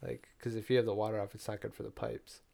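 A young man telling a story in casual chat, profane and animated, full of "like" fillers. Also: fairly low pitch, fast talker, vocal fry.

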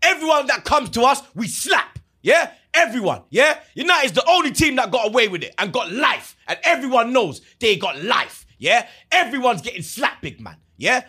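A man's voice: very high voice, big pitch swings, moderate pace, few pauses, sharp tone, breathy edge. A man in heated football banter, taunting his rival and hammering the same lines over and over. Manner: taunting, repeats lines, slangy. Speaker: football fan debating.

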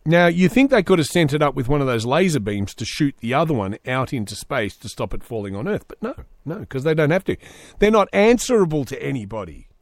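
A man's voice: mid-range voice, very animated, fairly quick, no echo, studio quality. A man hosting a solo comedy podcast, reading news aloud with sarcastic asides. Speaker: podcast host.

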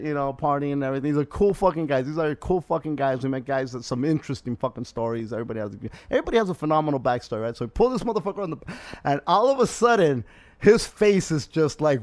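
A podcast host with a voice on the high side tells a story in casual chat, swearing constantly and acting out what people said as a profane, animated storyteller. The recording is clean studio sound with no echo.

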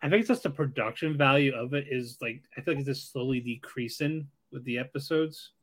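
A man's voice: medium pitch, brisk. A man co-hosting a casual podcast, talking hesitantly and repeating words as he searches for them. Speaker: podcast co-host. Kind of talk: casual anime review chat.

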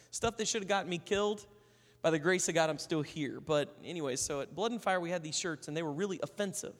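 Animated preaching man in a reverberant hall. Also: on the high side, brisk. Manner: conversational and animated, acting out stories. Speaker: pastor. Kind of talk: sermon.

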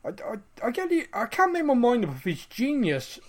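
A man's voice: very high voice, wildly swooping pitch, moderate pace. A man hosting a casual podcast, joking around and stumbling over his words. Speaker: podcast host. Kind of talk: casual chat.

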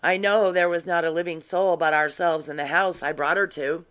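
Reader doing a serious gentleman w a dry sly streak, calm and grave, audiobook. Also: mid-range voice, normal speed, lightly acted. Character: grave, quietly sly gentleman Ormiston, man. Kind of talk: audiobook reading.

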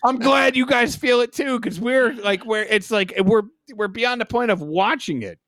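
A man's voice: very high voice, moderate pace, fairly bright tone, no echo, studio quality. A man co-hosting a casual hockey podcast, exasperated and sarcastic as he vents about his team. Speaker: podcast co-host. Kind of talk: casual hockey fan chat.

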